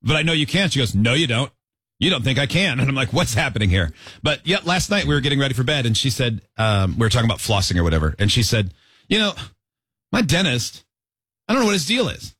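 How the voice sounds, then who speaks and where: Man, podcast co-host, joking banter, lively pitch, a bit husky, dry sound. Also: fast talker, no echo. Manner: joking, lively, self-deprecating. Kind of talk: casual chat.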